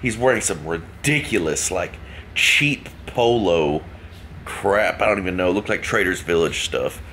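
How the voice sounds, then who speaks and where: A man's voice: low voice, animated, measured pace, a bit bright, a little hiss or hum. A man casually telling a rambling, joking story to camera. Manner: rambling, joking, laughs at himself. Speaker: vlogger.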